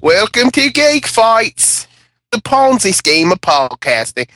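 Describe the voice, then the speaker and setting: A man's voice: high voice, sing-song, takes it slowly, pushed and bright, slight background noise. A man hosting a podcast in a jokey, playful way. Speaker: podcast host. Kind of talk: casual podcast chat.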